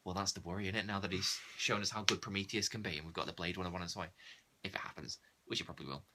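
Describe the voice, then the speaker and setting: Fast-talking sarcastic man. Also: low-pitched, steady tone, pushed and bright, a little hiss or hum. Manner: sarcastic, acts out quoted characters. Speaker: podcast co-host. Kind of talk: casual film review chat.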